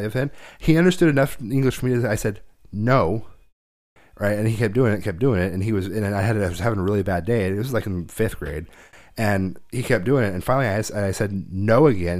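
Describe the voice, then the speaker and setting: A man's voice: on the low side, a little mellow. A man telling rambling, profane stories in casual chat, often laughing at himself.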